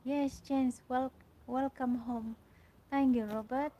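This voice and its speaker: Soft-spoken woman chatting from her garden. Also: high voice, fairly even intonation, highs cut off. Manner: chatty, halting, restarts often while reading comments aloud. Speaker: livestream host reading viewer comments. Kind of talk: casual livestream chat. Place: garden outdoors.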